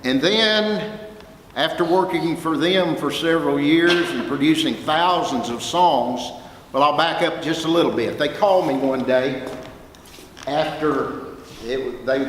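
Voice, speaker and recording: An older man with a Texas drawl spins folksy, lively anecdotes for a room of students. His voice carries through a large hall with a long echo. Faint room noise sits underneath. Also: on the high side. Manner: folksy, animated anecdotes with quoted dialogue. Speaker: guest speaker, music producer. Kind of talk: storytelling talk to students. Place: lecture hall.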